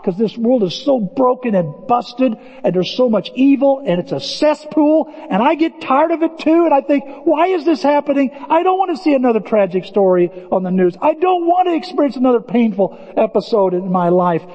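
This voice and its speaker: Animated high-voiced male pastor preaching. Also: normal speed, few pauses, long reverb tail, muffled recording. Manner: animated, acts out quoted voices with big pitch jumps. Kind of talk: sermon.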